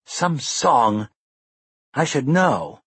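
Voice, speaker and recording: A man's voice: medium pitch, big pitch swings, very slow, fairly bright tone, slightly rough, dry recording, voice pushed up, full character voice. A man voicing a serious, thoughtful young boy who speaks in an earnest, searching way. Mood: puzzled.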